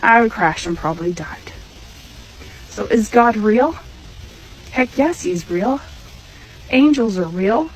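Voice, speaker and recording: Woman, from Missouri, personal testimony storytelling, emphatic, animated, middle pitch. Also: slow pace, pauses often, soft background music, poor audio.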